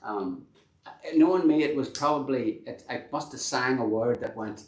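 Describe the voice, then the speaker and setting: A man's voice: mid-range voice, moderate pace. A man hosting a casual live-stream chat, rambling and self-deprecating with many restarts. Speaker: host and band member. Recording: echoey room.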